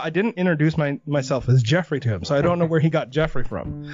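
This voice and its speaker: Podcast host guy telling a story, pitch all over the place, bit high, muffled audio with faint music. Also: fast talker. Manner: lively, animated storyteller. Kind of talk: casual interview conversation, storytelling.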